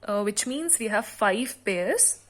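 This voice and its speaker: A woman teacher explaining a sonnet's meter and rhyme scheme in a slow classroom lesson, with frequent pauses and fillers. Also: mid-range voice, expressive, a bit bright. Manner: reads the poem aloud slowly with extra stress. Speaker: literature teacher.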